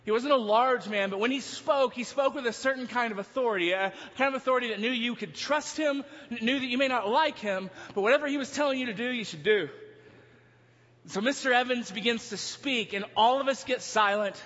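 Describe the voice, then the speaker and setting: A man preaching a sermon, telling a story in an animated way, now and then breaking into yelling. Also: extremely high pitch, brisk. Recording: dull sound, long hall reverb.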